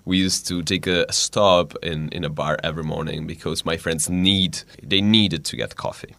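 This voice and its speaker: A man from Italy with an Italian accent, chatting casually as a guest in a relaxed, talkative way. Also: deep voice, normal speed, gravelly. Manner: relaxed, chatty, laughs often. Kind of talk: casual chat.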